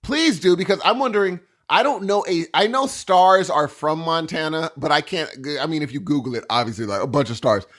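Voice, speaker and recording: A man's voice: fairly high pitch, animated, brisk, few pauses, a bit bright. A young man co-hosting a podcast, rambling in casual chat and acting out little voices. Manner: rambling, jokey, acts out voices. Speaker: podcast co-host.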